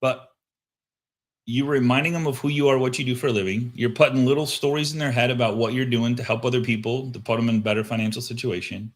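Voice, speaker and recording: A man hosting a coaching show talks casually about his daily outreach routine. He gets animated when he acts out both sides of phone calls, his voice at an ordinary middle pitch. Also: fast. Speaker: host. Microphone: headset microphone.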